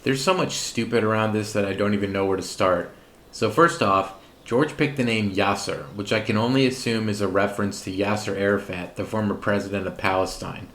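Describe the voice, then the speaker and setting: A man's voice: on the low side, fairly quick, a bit bright. A man hosting a commentary series, narrating a script with sarcastic, mocking asides.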